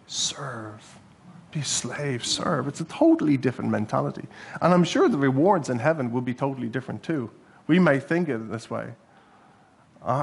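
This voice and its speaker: A man preaching a sermon as a church pastor, earnest and animated, breaking into bursts of laughter as he talks. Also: mid-range voice, vocal fry, a little hiss or hum. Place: church hall.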